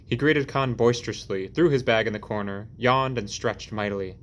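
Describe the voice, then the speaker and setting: A man narrating a novel in a steady, measured audiobook reading. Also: on the low side. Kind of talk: scripted narration.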